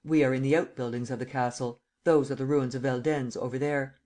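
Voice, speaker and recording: A man's voice: medium pitch, steady tone, fairly quick, darkish tone, natural voice. A man reading an audiobook and voicing a harsh, imperious emperor who speaks in terse commands.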